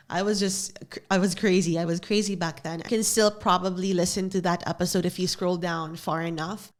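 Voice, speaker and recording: Solo podcast host, young woman, lowish voice, earnest and confessional, studio-recorded. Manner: earnest, confessional, repeats phrases for emphasis. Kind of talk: reflective solo podcast talk.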